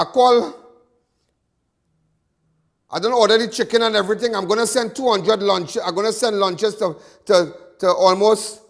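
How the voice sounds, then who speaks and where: A Trinidadian man with a high, creaky voice hosts a live crime talk show. His monologue is fiery, packed with repetitions and stammered restarts.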